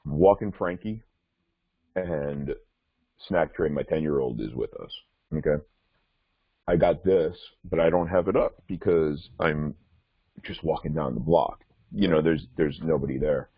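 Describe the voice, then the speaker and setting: Podcast guy rambling through a story, kinda husky lowish voice, sounds like a phone line. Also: unhurried, long pauses, dry recording. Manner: rambling storyteller with many restarts and fillers. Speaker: podcast host. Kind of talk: casual chat.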